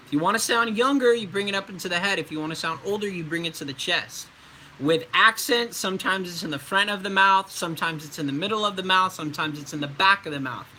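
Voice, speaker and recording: A young man with a high, very bright and forceful voice talks through voice acting tips on a casual livestream. His delivery is chatty and loose, full of fillers and restarts. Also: brisk, slight background noise, poor audio. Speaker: voice actor.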